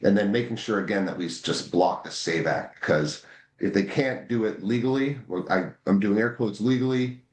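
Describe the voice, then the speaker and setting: A man's voice: on the low side, normal speed, reverberant. A man speaking as a guest in a political interview, impassioned, repeating words when he gets heated. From United States. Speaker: guest, voting rights advocate.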